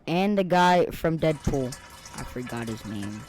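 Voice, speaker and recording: A man playing a video game and commenting on it, excitable and frantic, often shouting out in bursts and talking to himself in casual slang. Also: fairly high pitch, unhurried. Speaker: gaming video creator.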